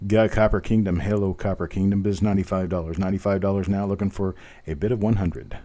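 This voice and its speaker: A man runs a live online coin auction, calling out bids in a steady, rhythmic patter. His voice sits low and sounds warm and relaxed. Between lots he chats and jokes at his own expense. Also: fast. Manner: chatty, self-deprecating, rhythmic bid calling. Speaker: auctioneer host.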